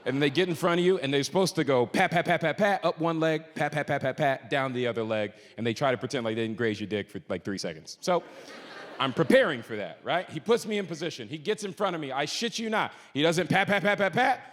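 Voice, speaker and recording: A man doing stand-up, telling a story and swinging from low mutters to high shouted outbursts on a stage mic. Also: lively intonation, fast. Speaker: stand-up comedian. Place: comedy stage in a large hall. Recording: live hall with reverb and faint noise.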